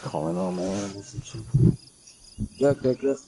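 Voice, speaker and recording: A man's voice: on the low side, measured pace, long pauses, darkish tone, slight background noise, rough recording. A man streaming a game, telling a heated story in casual chat full of swearing.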